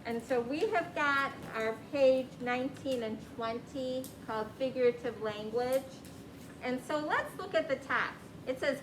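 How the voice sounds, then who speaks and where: A woman teacher with a high voice leads a classroom reading lesson, guiding her students through it with questions. The room is echoey, with noticeable background noise and ambience.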